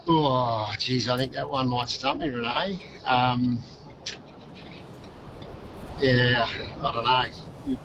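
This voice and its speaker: A man's voice: mid-range voice, takes it slowly, long pauses, muffled recording, noisy background. A man with an Australian accent calling in to a radio quiz, easygoing and laconic. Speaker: caller. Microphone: phone line.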